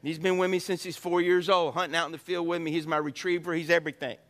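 A man's voice: on the high side, level tone, quick pace, a bit bright. A middle-aged man preaching a sermon as pastor, folksy and joking, drawing answers from the congregation. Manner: folksy, joking storyteller with call-and-response.

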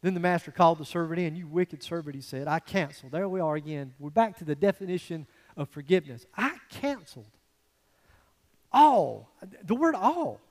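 A man preaching a sermon as a pastor, swinging from quiet, low passages to loud, emphatic ones. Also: animated, fast, few pauses, in a large hall.

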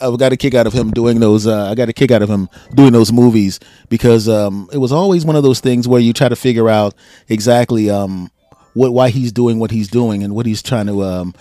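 A man hosting a podcast interview, talking in a laid-back way with frequent chuckles and pauses. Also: medium pitch, warm tone, no echo. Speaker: podcast host. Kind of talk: casual interview chat.

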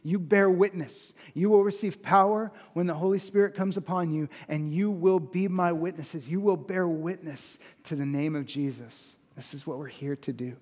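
A man's voice: on the high side, a little mellow. Earnest preacher man in a reverberant hall. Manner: earnest, builds to emphatic peaks, slows on key phrases. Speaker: pastor. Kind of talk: sermon.

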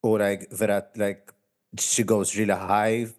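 Chatty low-voiced Maltese man. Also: flat delivery, measured pace, a little mellow. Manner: chatty, switches between English and Maltese mid-sentence. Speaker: podcast co-host. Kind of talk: casual chat about a reality show.

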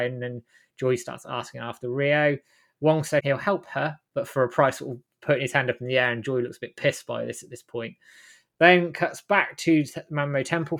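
A man hosting a casual chat, walking through a story scene by scene in a loose, rambling way. He stops mid-sentence to correct names and details as he goes. His voice sits at an ordinary middle pitch. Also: a bit bright. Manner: rambling, self-correcting plot retelling. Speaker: host recapping a game.

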